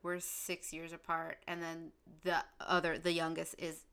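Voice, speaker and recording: Lower-voiced young woman, bright tone. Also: completely flat delivery, unhurried, smooth. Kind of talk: casual chat.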